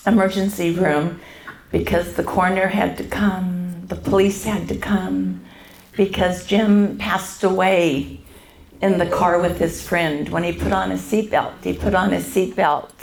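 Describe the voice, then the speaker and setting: Older woman, church testimony, unhurried and halting, roomy echoey church hall. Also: fairly low pitch, gravelly. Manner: halting, with many pauses and fillers. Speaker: church member sharing her testimony. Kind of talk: personal faith testimony.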